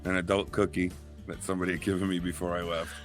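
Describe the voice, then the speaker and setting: Deep-voiced and quick, this podcast co-host from New England spins a casual story with soft music playing underneath. He's a lively storyteller who performs each quote.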